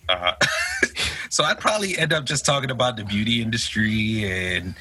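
A man's voice: mid-range voice, moderate pace, slight background noise. A man co-hosting a casual chat, telling stories with a laugh and acting out what others said. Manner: animated, laughing storyteller who acts out quoted voices. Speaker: podcast co-host.

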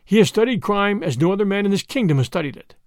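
Brief: man playing an agitated, suspicious plotter for a storybook reading, lively swings, dry close sound. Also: high-pitched, fast talker, no echo. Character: excitable, menacing male conspirator.

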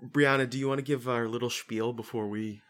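A man's voice: medium pitch, steady tone, fairly quick, fairly bright tone. A man co-hosting a casual late-night podcast, joking loosely and laughing often. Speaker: podcast co-host.

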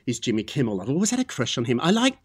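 A man hosting a celebrity gossip show, chatting in a lively, animated way. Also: mid-range voice, very fast, slightly rough. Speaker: host.

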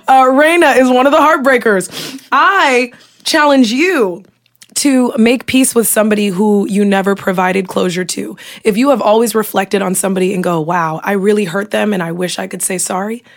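A young woman with a slightly high voice co-hosts a casual podcast from a studio. She speaks candidly, swears freely and breaks into laughter often. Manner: candid, profane, laughs a lot. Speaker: podcast co-host. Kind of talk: casual chat.

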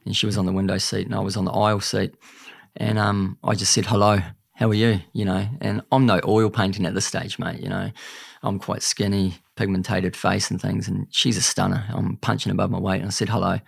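Gravelly New Zealand man, earnest storyteller. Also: deep voice, level tone, a little fast, dry recording, clean studio sound. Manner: earnest, chatty, calls the host mate. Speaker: podcast guest. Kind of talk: candid storytelling interview.

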